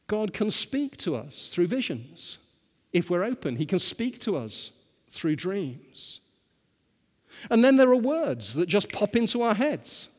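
A man's voice: high-pitched, very animated, takes it slowly. A male pastor preaching a sermon and telling stories, often asking the listeners rhetorical questions. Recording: long hall reverb.

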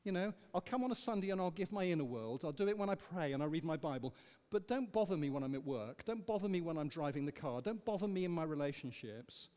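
A man leading an interactive sermon, questioning the congregation in an animated, emphatic way. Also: on the high side, quick pace. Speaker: preacher leading a Bible study. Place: church. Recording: echoey church hall.

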